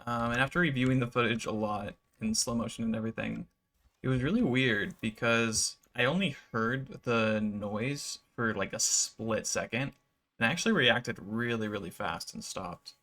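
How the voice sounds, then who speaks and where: Gaming YouTuber, male, gravelly, mid-range pitch, loose rambling commentary over gameplay. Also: normal speed. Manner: relaxed, rambling, many fillers.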